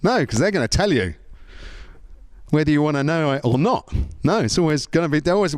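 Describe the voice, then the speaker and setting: A man doing a stand-up comedy routine, chatty, leaning on tag questions and stumbling into quick restarts. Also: on the high side, expressive, a little mellow, no room sound.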